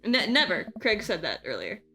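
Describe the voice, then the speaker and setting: A woman's voice: mid-range voice, huge pitch swings, pushed and bright. A woman playing a video game and reading it aloud in casual chat, laughing often and swearing freely. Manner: giggly, swears casually, quick banter. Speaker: let's play host reading the game aloud. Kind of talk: casual let's play chat with read-aloud dialogue. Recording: faint music underneath.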